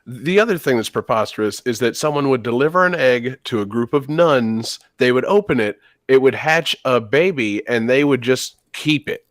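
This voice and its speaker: A man hosting a casual movie commentary, sarcastic and quick to laugh. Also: medium pitch, animated, a bit bright, dry recording, clean studio sound. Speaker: podcast host.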